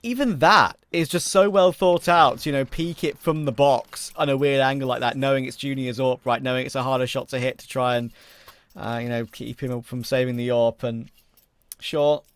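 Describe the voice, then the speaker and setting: A man's voice: medium pitch, fairly even intonation, normal speed, clear, resonant tone. A man doing color commentary on an esports match, analyzing plays in a loose conversational way. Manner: conversational analysis with fillers like "you know".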